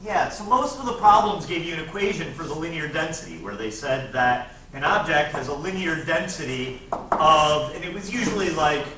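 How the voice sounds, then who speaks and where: Brief: male teacher, slightly high voice, conversational lecture, distant mic in a roomy classroom. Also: expressive, normal speed. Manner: conversational, checks in with frequent "right?". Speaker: physics teacher. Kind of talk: classroom lecture, reviewing test problems. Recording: echoey classroom, recorded from afar, noisy.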